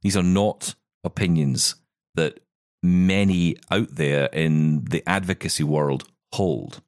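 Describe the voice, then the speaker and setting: A man's voice: deep voice, takes it slowly, darkish tone, dry recording, studio quality. A man co-hosting an accessible technology podcast in an upbeat, chatty, jokey way. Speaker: podcast co-host. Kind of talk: casual tech chat. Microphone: studio mic.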